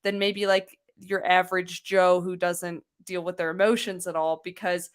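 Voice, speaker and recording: A woman's voice: lowish voice, little pitch movement, moderate pace, clear, resonant tone. A woman co-hosting a casual talk, speaking in an earnest, reflective way with some hedging. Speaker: co-host. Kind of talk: casual discussion.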